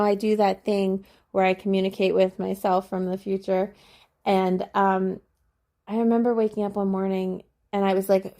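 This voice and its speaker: Earnest woman with a mellow voice. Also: mid-range voice. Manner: earnest, confiding, repeats phrases for emphasis. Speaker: podcast host. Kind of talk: personal reflective monologue.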